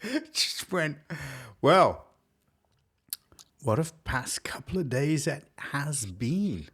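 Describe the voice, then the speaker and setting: A man's voice: on the high side, slow, husky. A man from England co-hosting a casual live-streamed chat, joking and laughing often. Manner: jokey, laughs often, lively delivery. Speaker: podcast co-host.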